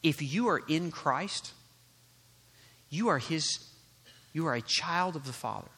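A man preaching a sermon as pastor, emphatic and full of rhetorical questions, swinging between loud and quiet. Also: a little high, expressive, slow pace, slightly rough. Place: church sanctuary. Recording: long hall reverb.

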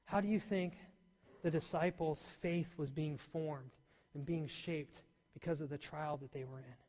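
A male pastor preaching a sermon in a church, swinging between loud emphatic peaks and soft near-whispers. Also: fairly high pitch, fairly even intonation, a little slow. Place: church hall. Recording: long hall reverb.

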